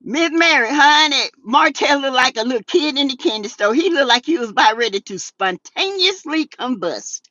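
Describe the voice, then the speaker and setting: A Southern woman hosting a casual gossip show, sassy and animated, laughing often as she reads out chat messages. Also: sits high, moderate pace, hardly any pauses, dry recording, muffled recording. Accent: Southern US, South Carolina. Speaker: YouTube talk show host. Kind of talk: casual gossip commentary reading live chat.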